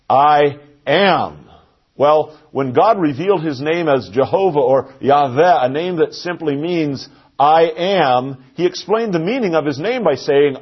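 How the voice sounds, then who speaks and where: A man delivers a sermon with a husky, slightly raised voice that swings lively up and down in pitch. He is earnest and emphatic, slowing down to stress key phrases. The recording sounds dull and lo-fi. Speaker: preacher.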